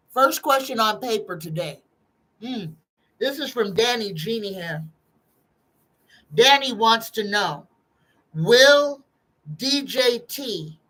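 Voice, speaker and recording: A woman's voice: a little high, sharp tone, rough recording. A woman hosting a live tarot stream, chatting casually in a folksy way and greeting her viewers one by one.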